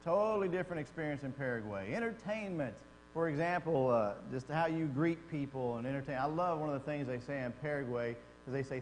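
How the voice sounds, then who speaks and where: Man teaching a church class. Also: fairly high pitch. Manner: conversational, animated, acts out quotes. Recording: long reverb in a church hall, faint hum.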